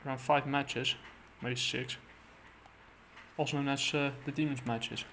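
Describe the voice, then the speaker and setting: A man casually recapping a comic book plot, halting and full of fillers and restarts. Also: mid-range voice, fairly even intonation, fairly bright tone, a little hiss or hum.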